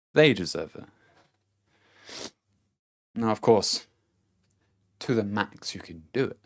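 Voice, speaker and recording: Blunt, swearing man with a low voice. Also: a bit bright. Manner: blunt and profane, chuckling between points. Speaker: vlogger. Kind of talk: casual motivational monologue.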